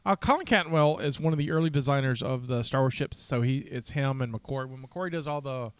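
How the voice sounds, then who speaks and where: A man co-hosting a casual fan podcast, loud and jokey, laughing often and swearing offhandedly. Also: medium pitch, a little fast, clean tone, no echo. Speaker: podcast co-host. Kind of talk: casual chat.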